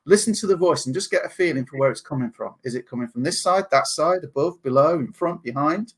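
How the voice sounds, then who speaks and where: English male podcast guest, upbeat, animated, laughs often. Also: on the high side, quick pace, slightly rough. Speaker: guest, NLP practitioner. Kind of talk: podcast interview.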